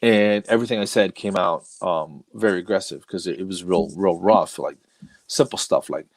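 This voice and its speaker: A man's voice: low-pitched, normal speed, creaky. A middle-aged man, a comedian and dental hygienist, telling his stand-up bits in a casual interview, rambling with restarts and acting out his jokes.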